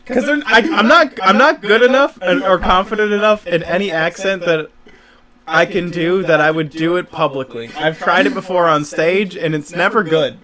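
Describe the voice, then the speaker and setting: A man's voice: high voice, moderate pace, crowd noise. A man co-hosting a podcast in casual joking chat, laughing and self-deprecating. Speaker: podcast co-host.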